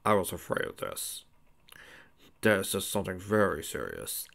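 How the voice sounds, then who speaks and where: A man reading a fan story aloud, voicing a talking computer in a flat, measured way. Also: low voice, vocal fry, heavily acted. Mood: calm. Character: talking computer, calm and matter-of-fact.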